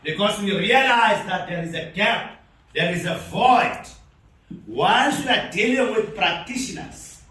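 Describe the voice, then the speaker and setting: A man's voice: sits high, lively intonation, pushed and bright, recorded from a distance. Man orating in echoey hall. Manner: oratorical, repeats phrases with long dramatic pauses. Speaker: speaker at a training event. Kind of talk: impassioned speech.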